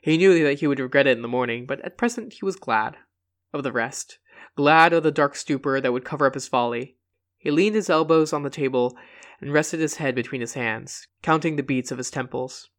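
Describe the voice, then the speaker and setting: A man reading a classic short story aloud, giving quoted lines their own expressive emphasis. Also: medium pitch, a little fast. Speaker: reader.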